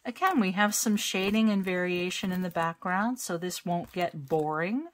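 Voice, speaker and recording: A woman chatting casually at home as she unboxes diamond painting kits. She talks in a self-deprecating way, laughs often and thinks out loud. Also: fairly low pitch, moderate pace. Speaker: crafting vlogger. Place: home crafting space.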